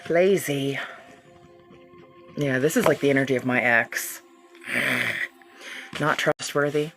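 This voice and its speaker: A woman with an extremely low, slightly bright voice speaks slowly over soft background music. She's hosting a live-streamed reiki healing session, addressing her viewers directly and reading their comments aloud in a loose, chatty way, laughing often.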